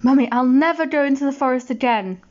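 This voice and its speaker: A woman's voice: sits high, quick pace, a little mellow, lo-fi sound, pitched above the performer's own voice, close to an everyday voice. Goldilocks, a fussy little girl, as a woman reads her.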